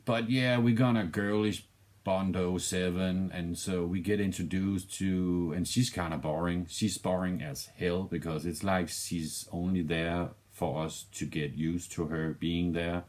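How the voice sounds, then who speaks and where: A Danish man with a Danish accent rambles through a film review, casually swearing along the way. His voice is extremely low, slightly mellow and fairly even in intonation, and he speaks slowly, often pausing to restart a thought.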